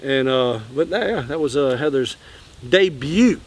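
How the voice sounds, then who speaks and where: A man, telling a fishing story in a casual, animated way and acting out the quotes. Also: mid-range voice, a little slow. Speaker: channel host.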